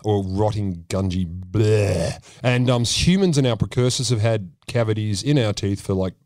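Jokey crude podcast host. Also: male voice, on the low side, moderate pace, a little mellow, no echo, clean studio sound. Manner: crude, jokey, swears often. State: numb lip from dental filling. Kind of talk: casual comedic chat.

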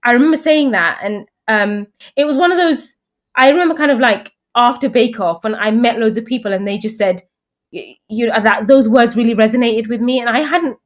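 Talking a touch quickly in a fairly high voice, this guest is a woman from England in her thirties. She spins lively anecdotes during relaxed chat, slipping into the voices of whoever she's quoting.

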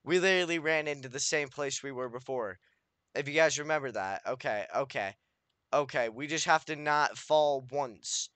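A young man narrating his own game run in a smooth, clear voice, fretting, cursing and begging the game for luck. He talks close to the mic in a dry, dead room, with a middle pitch and no reverb around him. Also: moderate pace, fairly bright tone. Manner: anxious, swearing, self-talking, desperate pleading. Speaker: gaming YouTuber. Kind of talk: Minecraft let's play commentary.

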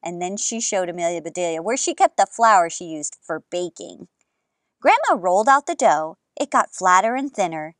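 A woman telling a children's picture book story with an expressive read-aloud manner, outdoors in an orchard. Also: on the low side, moderate pace, no echo, clean studio sound.

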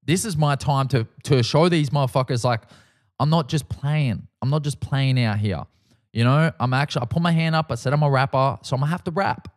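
Australian male podcast host, mid-pitched voice, lively, swearing, self-mocking yarn-teller. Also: brisk. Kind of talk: casual storytelling.

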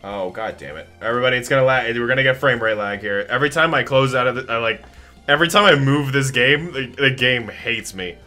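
A man live-streaming a video game, talking to the characters in an animated, profane, joking way. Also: mid-range voice, fairly quick, faint music behind. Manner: animated, swears a lot, talks to game characters. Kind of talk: live gaming commentary.

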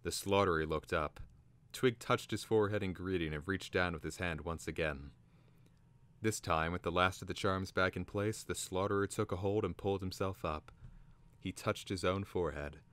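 Deep-voiced man reading a story dramatically. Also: moderate pace, fairly bright tone. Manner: theatrical storytelling. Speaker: reader.

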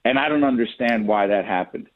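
A man appearing as a guest on a radio show, speaking earnestly and pressing his point in a measured way. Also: mid-range voice. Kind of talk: talk radio interview. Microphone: phone. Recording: tinny phone line, dry.

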